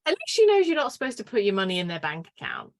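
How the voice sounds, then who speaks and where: A woman's voice: mid-range voice, wildly swooping pitch, racing. A woman co-hosting a podcast, chatting casually with wry, opinionated takes. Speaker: podcast co-host. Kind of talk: casual chat.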